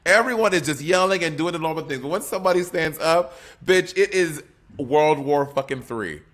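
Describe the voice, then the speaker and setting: A man co-hosting a casual chat show, expressive and laughing often, with plenty of swearing. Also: fairly high pitch, normal speed. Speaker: podcast co-host.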